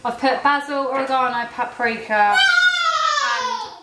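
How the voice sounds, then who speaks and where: A woman's voice: fairly high pitch, fairly quick. Chatty woman vlogging at home. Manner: chatty and candid, talks to a toddler in between. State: pregnant. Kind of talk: casual chat to camera. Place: home, in a kitchen. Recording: echoey room with clear background noise.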